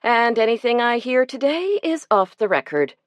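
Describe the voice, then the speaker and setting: A woman narrator voicing an eager, cheerful woman reporter, lighter and brighter than her narration. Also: a little high, sing-song, moderate pace, no room sound, muffled recording, pitched above the performer's own voice.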